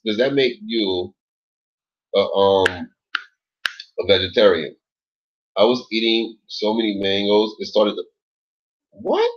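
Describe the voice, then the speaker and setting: A man's voice: on the low side, husky, highs cut off. A man hosting a late-night casual livestream, chatting with viewers in a laid-back, rambling way, swearing often and filling his talk with "like" and "yo.". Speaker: livestream host reading chat.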